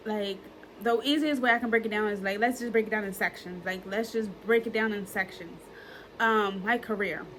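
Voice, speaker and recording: Woman, early thirties, earnest, reflective vlog, mid pitch, light background noise. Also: a bit bright, rough recording. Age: early 30s. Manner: earnest and emotional, with frequent fillers and repetitions. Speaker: vlogger.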